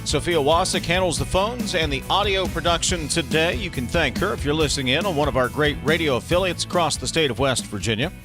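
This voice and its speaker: A man's voice: fairly high pitch, animated, fairly quick, few pauses, music in the background. A man hosting a talk radio show from a studio, with an upbeat, emphatic delivery into a close microphone.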